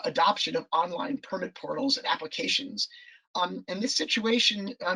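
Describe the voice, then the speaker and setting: A man's voice: sits high, vocal fry, bright, forceful tone, slightly rough, low-quality recording. A man losing his voice, presenting a policy report on a webinar over a video call, hesitant with many ums and restarts.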